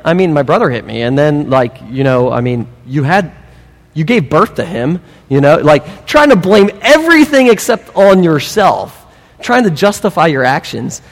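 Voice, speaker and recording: A man preaching a sermon, emphatic and animated, with humorous asides. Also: a little high, moderate pace, long reverb tail. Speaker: pastor.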